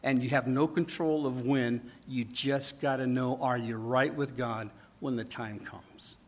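A man delivers a sermon in an easy, talkative manner, with a husky edge to his voice. He keeps asking the congregation rhetorical questions. At key points he drops to a near whisper for emphasis. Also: medium pitch, steady tone, unhurried. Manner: conversational preaching, rhetorical questions, dramatic drops to a hush. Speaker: pastor.

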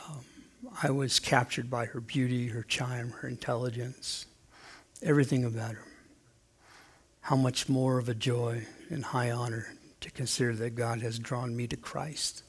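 A man in his sixties delivers a sermon with a gravelly, slightly rough voice at an ordinary middle pitch. He talks casually with his congregation and slips into playful voices when he acts out the quotes. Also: little pitch movement, a little slow, long pauses. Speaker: pastor.

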